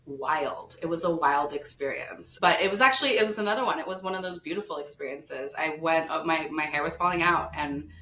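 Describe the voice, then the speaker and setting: A woman guest on a podcast, casually telling a personal story in an animated way, often laughing. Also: deep voice, fairly quick, hardly any pauses, slight background noise. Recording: echoey room.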